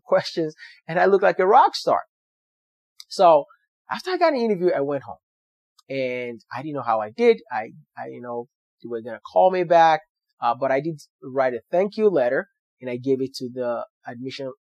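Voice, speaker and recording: A man's voice: on the high side, dry recording. A young man earnestly telling a personal story to viewers, with motivational emphasis. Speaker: doctor sharing his story.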